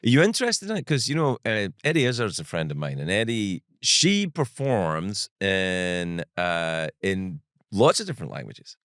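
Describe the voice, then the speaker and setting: A middle-aged man hosting a podcast interview, playful and quick to laugh, teasing his guest with questions. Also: sits low, big pitch swings, a bit bright, dry recording, clean studio sound. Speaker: podcast host. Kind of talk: casual interview chat.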